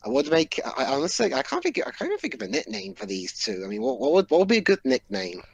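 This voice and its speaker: Gravelly-voiced joking man. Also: fairly high pitch, huge pitch swings, fast talker, dry recording. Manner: joking, playful. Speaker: commentator. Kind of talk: casual commentary over an episode.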